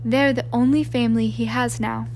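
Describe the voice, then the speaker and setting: A woman reading an audiobook, voicing a wise old male wizard in a calm, firm, quiet manner. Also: a little high, normal speed, slight background noise, lightly acted. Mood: grave.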